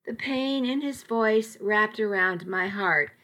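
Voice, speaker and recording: A woman narrating a novel in the first person, measured and intimate. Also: medium pitch, bright, forceful tone. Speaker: audiobook narrator.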